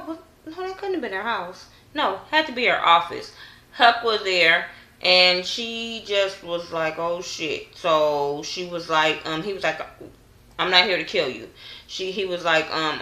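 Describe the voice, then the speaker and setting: A woman vlogger recapping a TV episode in a casual, animated way, cursing freely and acting out the characters' lines. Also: on the low side, normal speed, roomy sound. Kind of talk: casual recap with heavy profanity.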